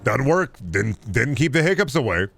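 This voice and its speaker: A man's voice: medium pitch, big pitch swings, moderate pace, vocal fry, a bit bright. A man streaming a video game, chatting casually and riffing on absurd jokes with plenty of profanity. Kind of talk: casual live-stream chat while gaming.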